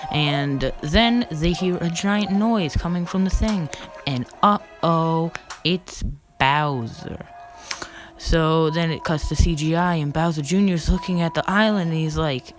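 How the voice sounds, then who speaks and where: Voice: mid-range voice, measured pace, rough recording. A narrator in a casual voice-over game retrospective, recapping in a rambling, offhand way with frequent restarts and stumbles. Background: background music.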